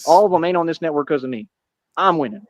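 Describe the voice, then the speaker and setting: A man's voice: on the high side, no room sound, low-quality recording. A man talking in a boastful, defiant monologue, full of street slang. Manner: boastful, defiant, rapid slang-filled talk. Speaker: streamer in a played clip.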